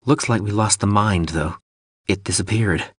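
A man's voice: lowish voice, normal speed, husky, no echo. A man voicing a curt, tough female soldier.

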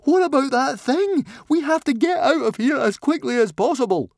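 A man's voice: very high voice, lively intonation, moderate pace, creaky, dry recording, studio quality, pitched above the performer's own voice, exaggerated voice. A man voicing a fearful young Viking boy who pants and protests anxiously. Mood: alarmed. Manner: panting, protesting.

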